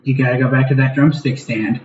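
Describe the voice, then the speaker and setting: A man on a comedy podcast, chatting casually and tossing in quick joking asides. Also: mid-range voice, steady tone, darkish tone, reverberant, far from the mic, highs cut off, slight background noise. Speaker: podcast co-host.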